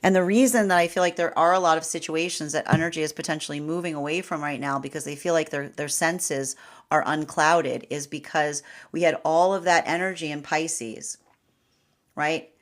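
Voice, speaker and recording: A woman's voice: low voice, steady tone, normal speed. A woman tarot reader giving a live astrology reading, rambling with many fillers and restarts and laughing often.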